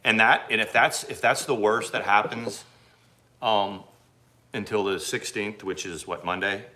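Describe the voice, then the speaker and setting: Bright-voiced laid-back man at home. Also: fairly low pitch, steady tone, measured pace, a little hiss or hum. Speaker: livestream co-host. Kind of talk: casual livestream chat. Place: at home in a house. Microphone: phone.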